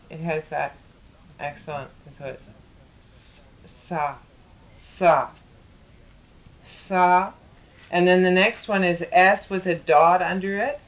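Unhurried teacher going over sounds one by one, spells stuff out then chants the syllables in a steady rhythm, very slow. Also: mid-range voice. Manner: patient, step-by-step spelling out of syllables. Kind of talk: pronunciation lesson with chanting.

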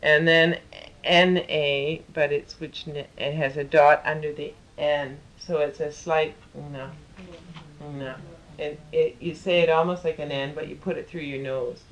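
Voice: medium pitch, fairly even intonation, normal speed, fairly bright tone. A teacher giving a patient, step-by-step pronunciation lesson, spelling out syllables and chanting them in rhythmic sequences.

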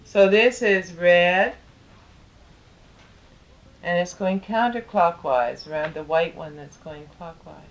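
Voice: mid-range voice, slow pace, long pauses. A teacher giving a patient, step-by-step pronunciation lesson, spelling out syllables and chanting them in rhythmic sequences.

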